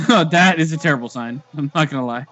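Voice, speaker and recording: Man, podcast co-host, crude joking banter, slightly high voice, lo-fi sound. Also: fast talker, a bit bright. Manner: joking, crude, laughs at own bits. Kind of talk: casual wrestling rewatch chat. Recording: dull lo-fi podcast audio.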